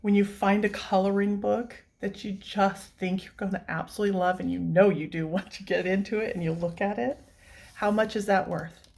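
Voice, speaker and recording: A woman's voice: medium pitch, level tone, brisk, creaky, few pauses, darkish tone. A woman hosting a coloring vlog, talking in a casual, gushing way and laughing often while teary and emotional. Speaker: coloring channel host.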